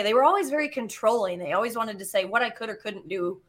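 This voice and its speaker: A woman guest telling personal stories in a chatty, animated way, full of fillers and casual swearing. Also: fairly high pitch, fairly quick, hardly any pauses. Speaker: podcast guest, geologist. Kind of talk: casual storytelling.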